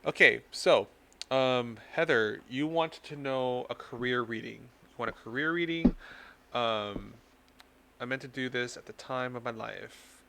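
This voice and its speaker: A man's voice: mid-range voice, measured pace, creaky, bright, forceful tone, a little hiss or hum. A man hosting a casual tarot reading live stream, playful and teasing with his viewers.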